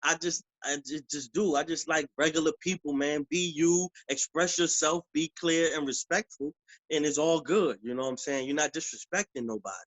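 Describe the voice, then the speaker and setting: A man, an author and preacher, talking casually in an interview, with relaxed slang and frequent "you know what I'm saying". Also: fairly high pitch, moderate pace, no room sound, rough recording.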